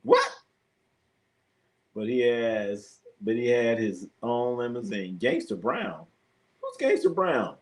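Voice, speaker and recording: A middle-aged man hosting a live sports stream, chatting casually with viewers and telling profane, animated stories. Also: mid-range voice, slow, long pauses.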